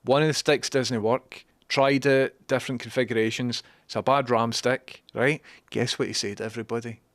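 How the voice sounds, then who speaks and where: A man's voice: medium pitch, fairly even intonation, moderate pace, a bit bright, no room sound. A man, talking casually on his own livestream, sarcastic, swearing and wandering off on tangents. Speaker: livestream host. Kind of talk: rambling livestream chat.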